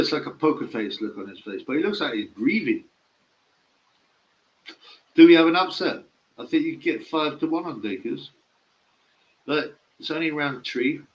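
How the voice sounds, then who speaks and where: A man's voice: on the high side, highs cut off. A man giving casual live-stream boxing commentary, blunt, mocking and opinionated.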